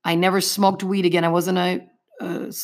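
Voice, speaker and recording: A woman's voice: on the low side, level tone, normal speed, gravelly. A middle-aged woman giving an earnest personal faith testimony as an interview guest, telling her story vividly in the present tense.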